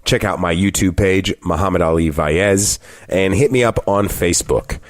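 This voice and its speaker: A man's voice: deep voice, moderate pace, no echo, clean studio sound. An American man hosting a wrestling podcast, announcing with a wry showman's flair and chatting casually with a guest in a home. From United States. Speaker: podcast host. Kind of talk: podcast introduction and casual interview. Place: a private home.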